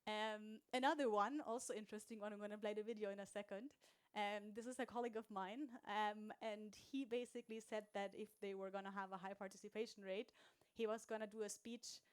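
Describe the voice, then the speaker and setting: A woman's voice: medium pitch, clear, resonant tone. A woman giving a casual, chatty meetup presentation, with frequent fillers and light laughs. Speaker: speaker at a meetup. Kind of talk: conference presentation.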